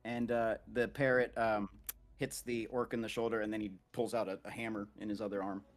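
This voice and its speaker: A man's voice: on the low side, level tone, fairly quick. A man narrating a tabletop game as game master, rambling casually with lots of fillers.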